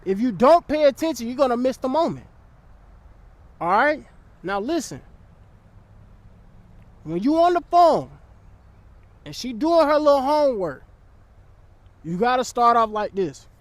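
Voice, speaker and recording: A man's voice: extremely high pitch, very animated, unhurried, long pauses, no echo. A young man giving blunt, profane dating advice in a casual vlog, often checking in with the listener.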